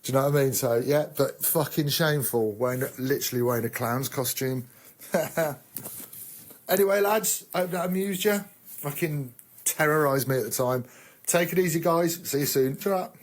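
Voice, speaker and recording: An English army veteran telling a rambling, profane, self-mocking story in casual chat. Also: male voice, fairly high pitch, normal speed. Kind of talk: casual sweary anecdote.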